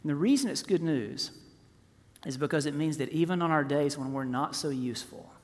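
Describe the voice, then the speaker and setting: A man in his forties preaching a sermon, rising to loud emphasis and dropping to hushed, near-whispered softness. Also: fairly high pitch, animated, fairly quick. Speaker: pastor. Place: church sanctuary. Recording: long reverb of a large hall.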